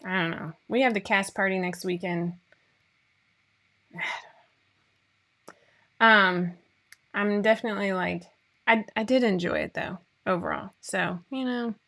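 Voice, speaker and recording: A woman's voice: mid-range voice, pushed and bright. A woman in her forties hosting a casual chat for her viewers, talking in a chatty, rambling way with frequent laughs. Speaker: host of a sewing pattern show.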